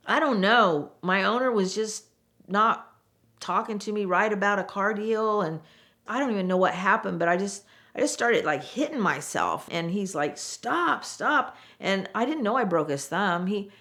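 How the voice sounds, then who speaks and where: A middle-aged woman, a former car saleswoman, telling frank stories in a chatty, animated way and acting out the voices of the people in them. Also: mid-range voice, moderate pace. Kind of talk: casual storytelling interview.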